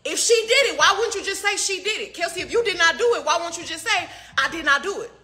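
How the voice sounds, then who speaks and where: A woman's voice: very high voice, animated, fast, bright, forceful tone. A young woman in a heated, profane livestream rant, firing off rhetorical questions. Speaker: artist speaking to fans.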